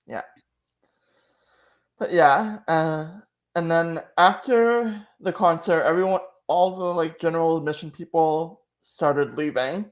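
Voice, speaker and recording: A woman's voice: low voice, slow pace, lo-fi sound. A woman hosting a channel, chatting casually and emotionally, full of "like" fillers. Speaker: channel host. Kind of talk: casual chat recap.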